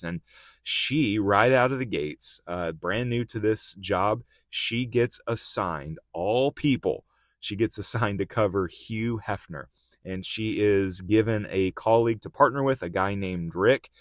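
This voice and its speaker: A man's voice: fairly low pitch, no room sound, studio quality. A man hosting a podcast and telling a story in a casual way, with fillers, who acts out the people he quotes. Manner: animated retelling, quoting people in a raised voice; conversational, filler "like" and "uh". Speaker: podcast host.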